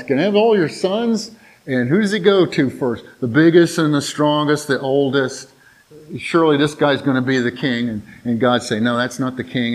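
A man's voice: mid-range voice, a little mellow, low-quality recording. Casual male pastor preaching in a loose, folksy, storytelling style, mid-range voice. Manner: folksy, rambling, many restarts and filler words; acts out quoted voices in storytelling. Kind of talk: casual conversational sermon.

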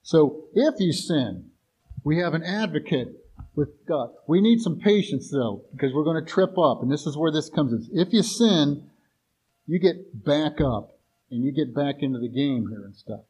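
A man's voice: a little high, expressive, moderate pace, a little mellow, breathy edge, highs cut off. A male pastor preaching a sermon in a folksy, conversational way, often restarting sentences and acting out everyday voices in quoted asides.

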